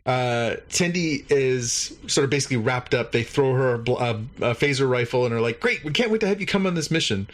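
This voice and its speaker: A man hosting a podcast, recapping an episode in a casual, animated way and jumping into higher voices for the characters' lines. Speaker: podcast host.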